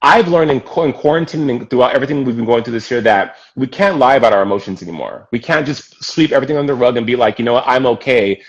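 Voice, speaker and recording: A man's voice: medium pitch, fast, hardly any pauses, dull audio. A man hosting a casual interview, talking in an effusive, emphatic and encouraging way. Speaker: podcast host.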